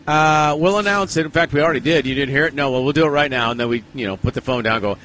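A man's voice: medium pitch, very fast, hardly any pauses, fairly bright tone. A man co-hosting a radio show, joking around in casual on-air banter and acting out callers. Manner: joking, playful, quotes callers in voices.

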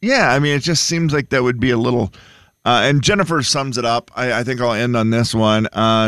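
A man's voice: medium pitch, fairly quick, fairly bright tone, smooth, no echo. A man co-hosting a morning radio show, chatting and joking around with his co-hosts in the studio. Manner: chatty and joking, teasing a co-worker. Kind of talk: casual morning radio banter. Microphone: studio microphone.

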